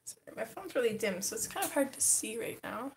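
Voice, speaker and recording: Sing-song and creaky, a woman's fairly high voice moves fairly quickly as she hosts a casual livestream from her home desk. She chats with viewers and addresses her cat. The room sounds echoey with some faint noise.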